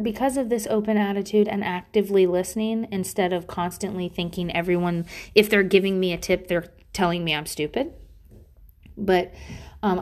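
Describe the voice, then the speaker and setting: A woman in a middle pitch range chatting on her own to her viewers. She rambles and swears casually while poking fun at herself, speaking from a bathroom at home. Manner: profane, rambling, animated, self-mocking. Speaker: mother talking to her audience. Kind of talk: casual solo monologue.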